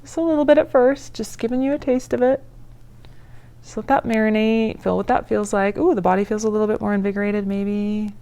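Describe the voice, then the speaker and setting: A woman teaching a yoga breathing practice in a casual, encouraging way, with playful asides and breathy demonstration sighs. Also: mid-range voice, steady tone, warm tone. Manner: breathy sighs and drawn-out ahs while demonstrating. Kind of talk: guided yoga class instruction.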